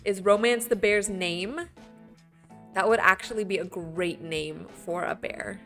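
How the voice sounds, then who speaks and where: Female streamer, playful and giggly, medium voice, low music in the background. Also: unhurried, fairly bright tone. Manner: giggly, laughs often; rambling and playful, with fillers. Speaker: game streamer. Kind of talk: casual chat with stream viewers while building.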